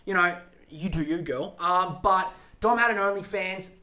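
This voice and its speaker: A man's voice: sits high, normal speed. Rambling, profane young man ranting. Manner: rambling, profane, animated, self-interrupting. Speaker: podcast host. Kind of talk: casual ranting chat.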